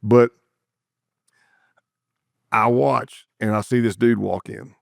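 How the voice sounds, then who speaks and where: A man's voice: lowish voice, dry recording, clean studio sound. A middle-aged man, a former undercover agent telling stories as a guest and animatedly acting out the people he quotes. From South Carolina, United States. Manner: animated storyteller who acts out quoted voices. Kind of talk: casual storytelling interview.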